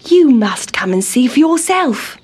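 A woman's voice: high-pitched, big pitch swings, measured pace, darkish tone, husky, heavily acted. A woman voicing a fussy young male town mouse who complains in a whiny, exclaiming way. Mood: coaxing.

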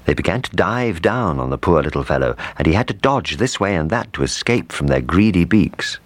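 A man telling a children's storybook with an animated, expressive delivery. His voice is extremely deep, yet it rises and falls a great deal. The sound is close and dry. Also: a little fast, no room sound. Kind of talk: storybook narration.

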